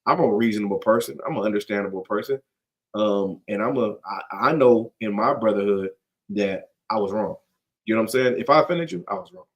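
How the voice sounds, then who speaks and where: A man's voice: lowish voice, fairly quick. A man leading a casual scripture study in a conversational, slangy way, often checking in with "you get what I'm saying.".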